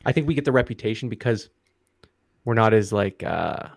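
A man's voice: fairly low pitch, lively intonation, a little fast, creaky, dry recording. A Canadian man co-hosting a podcast, chatting casually and joking with some swearing. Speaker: podcast co-host. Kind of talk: casual chat.

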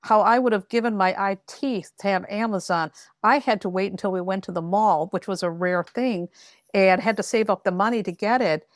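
A woman's voice: mid-range voice, moderate pace, dry recording. Blunt woman guest, emphatic and candid, dry close recording. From rural area. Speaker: tarot reader guest. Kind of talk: candid advice in a podcast conversation.

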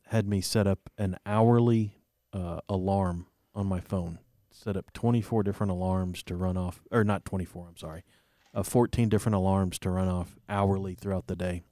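Low, mellow man telling a joke. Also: fairly even intonation, moderate pace, few pauses, no room sound, clean studio sound. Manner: rambling, self-deprecating storyteller with many fillers. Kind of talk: casual faith chat.

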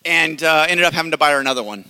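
A man in his thirties preaching a sermon, telling a personal story in an animated way and acting out the voices. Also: fairly high pitch, racing, smooth. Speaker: pastor. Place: church hall. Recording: long hall reverb.

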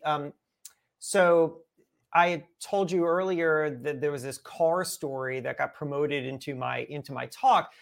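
A man, a guest author, telling a story in a casual chat with lots of energy, repeating and restarting words. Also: on the high side.

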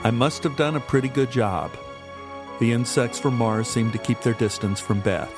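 A man reading an audiobook aloud in first person with a measured, steady delivery. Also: medium pitch, loud music behind the voice. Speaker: audiobook narrator. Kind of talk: first-person storybook narration.

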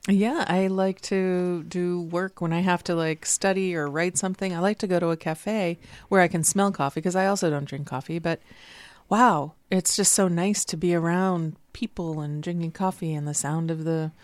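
A woman's voice: on the low side, steady tone, no echo. A woman co-hosting a casual podcast who works with clients, talking in a reflective, earnest way. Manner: reflective and earnest, slowing on key phrases. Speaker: podcast co-host and wellness practitioner.

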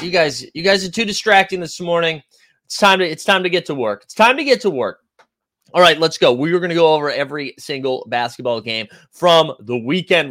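A man's voice: fairly high pitch, fairly bright tone. A young man hosting a casual basketball talk show, rambling, swearing and answering his live chat as he goes. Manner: rambling, profane, reacts to chat. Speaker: podcast host.

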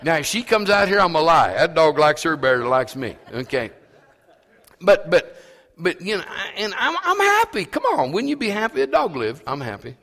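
A man's voice: a little high, wildly swooping pitch, moderate pace, a bit bright. A man preaching a sermon as a pastor, telling a homespun story and building to fervent, emphatic preaching. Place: church. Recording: reverberant church hall.

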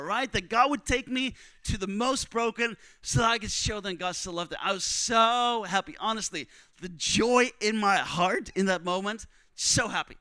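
A young man preaching, telling a missionary story with strong emotion, often dropping to a hush for other people's words. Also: sits high, normal speed, clean tone, dry recording. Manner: emotional, quotes others in hushed voices. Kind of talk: sermon storytelling.

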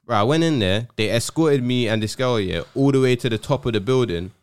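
A man's voice: mid-range voice, fairly quick, smooth, no echo. A young man, hosting a casual podcast chat and telling stories in laid-back slang. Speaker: podcast host.

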